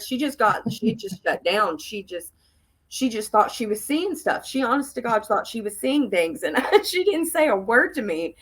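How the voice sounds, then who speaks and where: A woman from Tennessee, appearing as a podcast guest, tells a story casually at normal speed in a husky voice over poor audio. She is animated and laughs often, acting out what people said in a raised, higher pitch.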